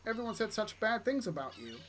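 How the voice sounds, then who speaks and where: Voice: medium pitch, sing-song, fast, a bit bright, slight background noise, voice pushed up. A player reading aloud for a timid, earnest little girl who hesitates often. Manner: hesitant, full of ums.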